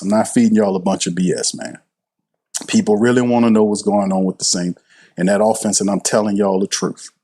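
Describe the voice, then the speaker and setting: Hosting a live sports stream, a man with a fairly low, husky, darkish voice gives heated commentary. He's blunt and passionate, swears freely and repeats himself for emphasis.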